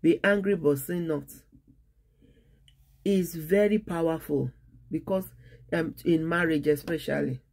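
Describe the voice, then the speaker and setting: Woman pastor preaching, gravelly fry in her voice, slow repetitive emphasis. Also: deep voice, a little mellow. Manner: earnest, repetitive preaching cadence with measured pauses. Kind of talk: sermon on marriage.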